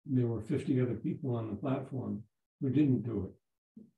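A man in his seventies, a Zen teacher giving a dharma talk, telling a story in a halting way with many restarts. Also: mid-range voice, creaky, narrow, tinny audio. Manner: halting, repeats words and restarts. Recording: roomy echo.

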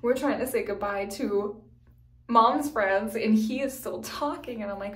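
A young woman from New Jersey telling a story to camera in a casual, profane vlog style, full of quick asides. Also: mid-range voice. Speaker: lifestyle vlogger. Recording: roomy echo.

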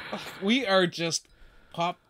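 A man's voice: a little high, sharp tone, no echo, studio quality. A man co-hosting a podcast in casual chat, joking and laughing a lot. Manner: jokey, laughs often, fillers and restarts. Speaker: podcast co-host.

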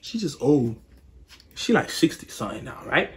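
Animated slangy young guy. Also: mid-range voice, moderate pace. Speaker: family member roasting relatives. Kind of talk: casual chat.

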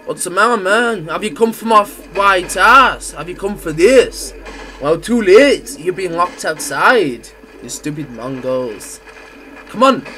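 A man giving loud, crude, excitable gameplay commentary. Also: high-pitched, a little slow, few pauses. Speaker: gamer.

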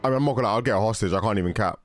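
A young man giving casual, excitable commentary while watching a film, often laughing and exclaiming. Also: on the low side, rapid-fire, faint music behind. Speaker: movie reaction host. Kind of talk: casual movie reaction commentary.

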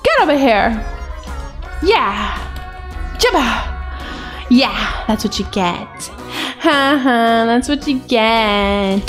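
A woman with a high, bouncy voice that swings widely in pitch. She talks unhurriedly through playful gameplay commentary, gasping and giggling with excitement. Soft music plays faintly behind her. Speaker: gaming video creator.

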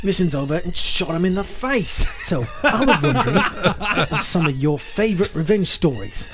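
A man's voice: on the high side, animated, moderate pace, over music, close to an everyday voice. A man voicing a cheery caller with a put-on Australian accent, joking and chuckling as he talks. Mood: jokey. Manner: jokey, chuckling through lines. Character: cheery fake Australian bloke, adult man.

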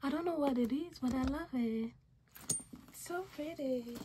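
A young woman talking casually at home in a haul vlog, gushing and squealing with excitement over her purchases. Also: high voice, moderate pace, noisy background. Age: young adult. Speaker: vlogger.

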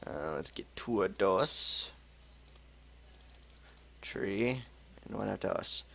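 A man's voice: lowish voice, expressive, very slow, creaky, pushed and bright. A man casually commenting on his own match while streaming, joking and laughing often as he plays at home. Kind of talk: casual live game commentary. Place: home room with keyboard typing.

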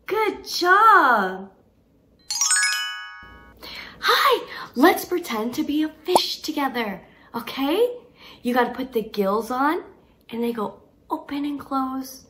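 A young woman teaching toddlers in a learning video, talking slowly and encouragingly in a sing-song way with delighted gasps. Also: high-pitched, sharp tone. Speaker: children's teacher.

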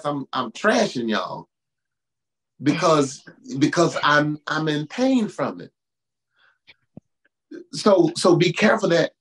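Animated male pastor, fairly high voice. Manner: animated preacher, repeats key phrases, wide swings from low asides to loud exclamations; casual, conversational phrasing with stammered restarts. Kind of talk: preaching-style talk to singles.

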